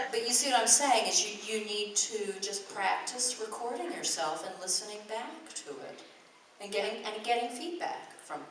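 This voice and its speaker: A woman's voice: medium pitch, moderate pace, distant mic, a little hiss or hum. Chatty older woman in an echoey hall. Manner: chatty, animated storyteller. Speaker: convention guest voice actor. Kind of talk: convention Q&A talk. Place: large convention hall. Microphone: distant from the recording mic.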